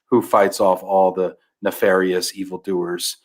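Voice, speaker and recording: This man's voice sits low, and he talks at a measured pace as a podcast guest in casual conversation. Retelling a children's book, he's animated, yet he often trails off mumbling.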